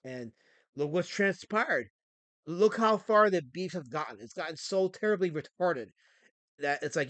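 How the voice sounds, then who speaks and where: A man hosting a casual livestream, voice fairly high and sharply bright. He rambles and rants, restarting sentences as he goes, heard on a dry, close recording. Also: expressive, measured pace, no echo. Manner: rambling, ranting, frequent restarts. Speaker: stream host.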